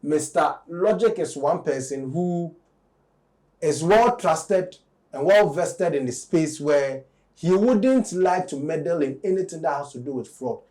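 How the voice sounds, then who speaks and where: A male commentator, speaking a touch high. He weighs his words deliberately and lays out both sides of the story in talk-show fashion. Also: lively intonation, a little mellow. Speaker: entertainment commentator.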